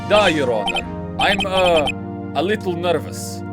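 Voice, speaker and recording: A man's voice: fairly high pitch, sing-song, a little slow, over loud music, voice pushed up. A man voicing a nervous rookie male defense lawyer in a put-on Russian accent, with jokey bravado.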